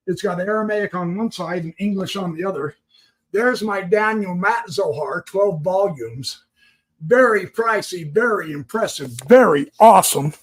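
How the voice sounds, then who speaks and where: A man with a high-pitched voice, excitedly walks through his home library on a casual live stream. He rambles from one book to the next with plenty of enthusiasm. The sound is dry and close, with no room echo. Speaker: host.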